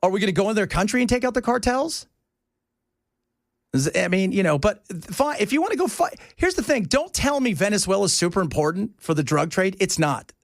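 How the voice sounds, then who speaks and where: A man hosting a talk radio show, rambling in a casual, animated way from topic to topic. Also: sits high, a little fast, no echo, clean studio sound.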